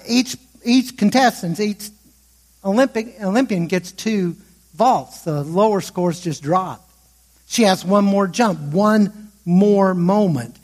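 Husky-voiced man telling a sermon story. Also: high voice, darkish tone.

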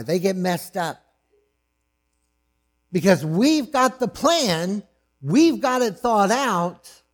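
A man preaching a sermon, swinging from loud, emphatic lines to hushed, low asides. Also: slow, pauses often.

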